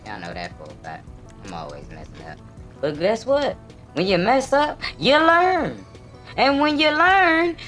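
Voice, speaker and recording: A man using a squeaky voice changer while streaming a game, trash-talking loudly and crudely. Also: exaggerated voice. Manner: loud crude trash talk, playful. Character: squeaky high-pitched trash-talking gamer.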